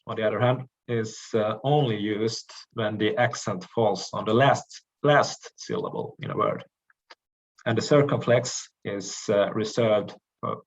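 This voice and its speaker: Slow, low-voiced man lecturing. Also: creaky, slightly rough, lo-fi sound. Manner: measured, explanatory, frequent "uh" pauses and restarts. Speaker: language lecturer. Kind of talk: recorded lecture.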